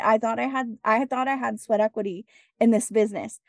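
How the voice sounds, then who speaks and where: A woman with a fairly high voice shares her story as a podcast guest, chatty and animated, slipping into the voices of people she quotes. The sound is close and dry, with no room around her. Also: fairly quick, creaky, dry recording. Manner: animated, acts out dialogue, laughs often. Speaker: podcast guest, business strategist. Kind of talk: casual interview storytelling.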